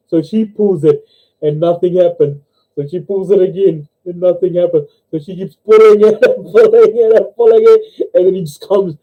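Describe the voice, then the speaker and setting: Young NZ-accented man, stream host, a bit high-pitched, laughs at his own jokes; dull home-mic audio. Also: moderate pace. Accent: New Zealand. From New Zealand. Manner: giggly, laughs through his own jokes, squeaky voices for characters. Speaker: livestream host. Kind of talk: casual livestream chat and joke telling.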